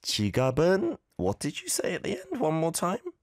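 A man hosting a language lesson show, patiently and encouragingly modelling phrases and gently correcting listeners' pronunciation. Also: a little high, huge pitch swings, fast talker, no room sound, studio quality. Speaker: host and language teacher. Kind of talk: radio-style language lesson with listener feedback.

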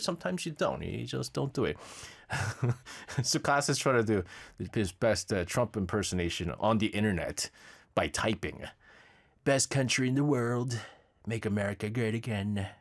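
A man's voice: medium pitch, big pitch swings, brisk, vocal fry. Guy hosting radio, super chatty, laughs a lot, voice goes up and down all over. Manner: chatty, laughs often, loose with fillers. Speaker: radio show host. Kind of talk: casual live radio chat reading listener messages. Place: radio studio.

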